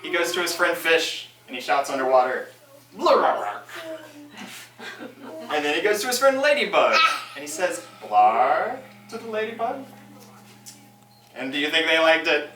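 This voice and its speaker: An author reading his picture book aloud to preschoolers at a school, animated and asking the children questions. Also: on the high side, a little fast. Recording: echoey room, from far off, loud noise.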